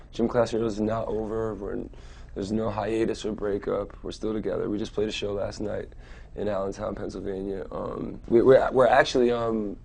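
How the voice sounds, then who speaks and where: A young adult man answering interview questions casually, rambling and relaxed, with many fillers and restarts. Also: fairly low pitch, gravelly. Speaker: musician being interviewed.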